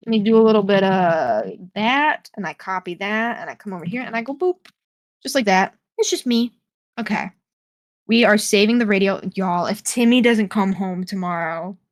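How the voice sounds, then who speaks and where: A woman with a medium-pitched voice live-streams a game, recorded at studio quality with no echo. She chats with her viewers in a playful, dramatic way and reads the game's text aloud.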